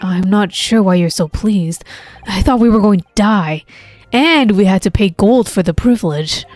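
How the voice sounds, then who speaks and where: A woman voicing a nervous, earnest young male lawyer in a lowered voice. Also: moderate pace, darkish tone, faint music behind, lightly acted. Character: anxious young Japanese lawyer, man.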